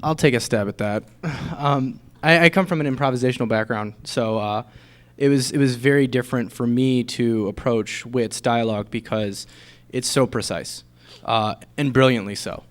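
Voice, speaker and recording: A man's voice: medium pitch, normal speed. A man answering thoughtfully with many fillers as an actor at a post-screening Q&A on a theater stage. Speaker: actor on a panel.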